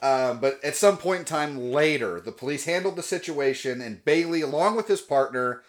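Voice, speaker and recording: A man's voice: on the high side, animated, normal speed. A man co-hosting a casual podcast, reading out news stories and laughing often as he acts out the people in them. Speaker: podcast co-host. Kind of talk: casual chat, reading headlines.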